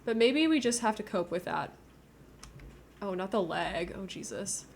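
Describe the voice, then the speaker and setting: A woman's voice: medium pitch, animated, measured pace, gravelly, slight background noise. A woman streamer giving casual gameplay commentary, thinking aloud as she builds and playfully tossing in old-fashioned words. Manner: musing aloud while building, playfully says "perchance".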